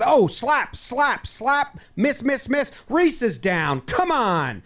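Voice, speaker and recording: High-voiced man joking through game clips. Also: big pitch swings, slow pace, hardly any pauses, a bit bright. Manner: playful, voices players in mock dialogue, swears. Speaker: baseball video commentator. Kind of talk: comedic sports breakdown over clips.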